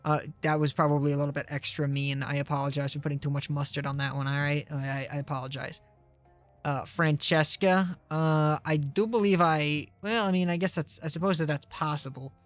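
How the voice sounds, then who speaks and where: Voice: medium pitch, steady tone, brisk, soft background music. Profane rambling game streamer. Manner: profane, self-deprecating, rambling. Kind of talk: casual live-stream chat while gaming.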